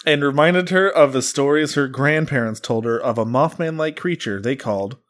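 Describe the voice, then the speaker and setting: Male podcast host, mid-pitched, reads entries aloud, giggles through them. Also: moderate pace, fairly bright tone. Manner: reads aloud, breaking into laughter. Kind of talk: casual comedic chat.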